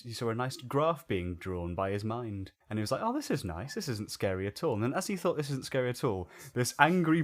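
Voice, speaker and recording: Man telling a story. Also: mid-range voice. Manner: animated, swears and acts out quotes. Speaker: podcast co-host. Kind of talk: casual storytelling.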